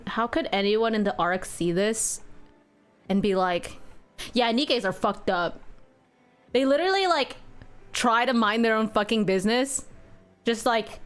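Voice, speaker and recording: A woman's voice: a little high, clean tone. A woman streamer reacting to a story game, swearing heavily in emotional outbursts and reading the story text aloud.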